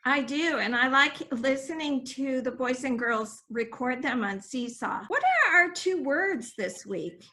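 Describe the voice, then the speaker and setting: A woman teacher on a reading lesson for young children, reading aloud slowly with exaggerated expression. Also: sits high, sharp tone.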